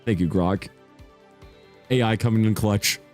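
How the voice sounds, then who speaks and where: A young man hosting a casual livestream chat, animated and jokey, who laughs often and swoops his voice up when greeting viewers. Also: lowish voice, unhurried, faint music behind. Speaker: streamer host.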